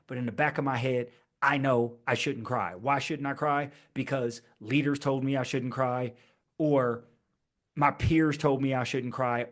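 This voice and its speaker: A man hosting his own podcast, talking alone in a rhetorical style with slow, emphatic repeated phrases. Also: medium pitch. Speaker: podcast host. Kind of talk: scripted-sounding solo podcast monologue.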